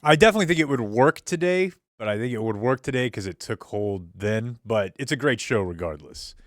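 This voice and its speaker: A man's voice: mid-range voice, lively intonation, brisk, no echo. A man hosting a sports talk show, chatting casually and laughing often in a studio on a studio mic. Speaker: radio show host. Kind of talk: casual chat. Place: radio studio. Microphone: studio microphone.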